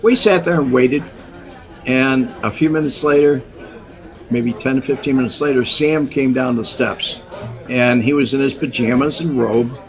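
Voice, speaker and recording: An older man telling a story as an interview guest, animated, chuckling often and acting out voices. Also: mid-range voice, normal speed, soft background music. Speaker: guest, former undercover informant.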